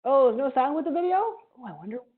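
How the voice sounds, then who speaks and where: A museum educator with a mild Ohio accent gives an animated, playful science lesson to children over a video call, adding little sound effects. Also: female voice, high-pitched, quick pace. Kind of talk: live online science lesson for kids. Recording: tinny video call audio.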